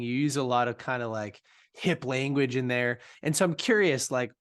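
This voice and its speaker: A man with a mid-range voice hosts a podcast interview over a video call. He sounds enthusiastic and admiring as he poses his questions. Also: mid-range voice. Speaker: podcast host.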